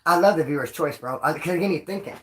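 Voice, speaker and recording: A man casually telling stories about his time in prison to camera, in a slangy, profane and animated way, often acting out other people's voices. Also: a little high, fast, slight background noise.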